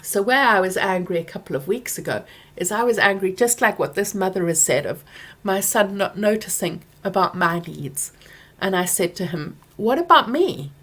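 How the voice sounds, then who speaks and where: A middle-aged woman hosting a workshop Q&A, speaking softly and gently and sometimes dropping to a whisper. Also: medium pitch, moderate pace. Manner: soft and gentle, drifting into whispers; acts out anger with loud groaning sounds. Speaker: workshop host answering questions. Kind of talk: Q&A talk to an audience.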